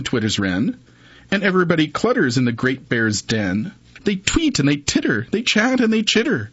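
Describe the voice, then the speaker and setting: A man reading children's stories and poems aloud in an expressive, sing-song way. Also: on the high side, moderate pace, breathy edge, no echo. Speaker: storyteller. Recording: dull muffled recording.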